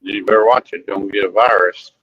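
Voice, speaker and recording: Male co-host with a low-ish voice and a dry, muffled recording, teasing and reading the chat. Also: fairly even intonation, brisk, no room sound. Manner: teasing, chimes in and reads from the chat. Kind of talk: casual live-stream chat. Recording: dull, dry lo-fi sound.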